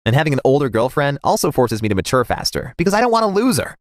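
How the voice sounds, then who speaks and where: Lively man narrating a story. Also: mid-range voice, fast, dry recording, studio quality. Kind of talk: scripted first-person story narration.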